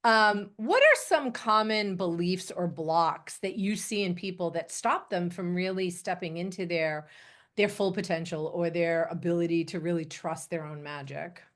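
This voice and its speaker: A woman hosting a casual interview chat, a bit raspy today, laughing often and tagging her points with "right?". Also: fairly low pitch, normal speed, fairly bright tone. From Italian family background. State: raspy throat. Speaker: podcast host and coach.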